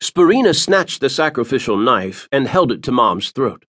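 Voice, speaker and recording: A man narrating an audiobook with a dramatic, expressive reading. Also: medium pitch, normal speed, no room sound, clean studio sound.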